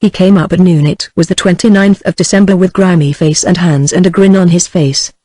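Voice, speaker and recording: A text-to-speech woman's voice with a British English accent, reading a novel aloud in an even, steady narration. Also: fairly low pitch, fairly quick, no echo.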